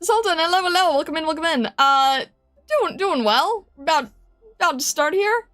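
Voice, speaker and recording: A woman's voice: very high voice, lively intonation, normal speed, a bit bright, faint music behind. A woman streamer chatting casually with her viewers, giggling often and rambling with many restarts. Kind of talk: casual live-stream chat.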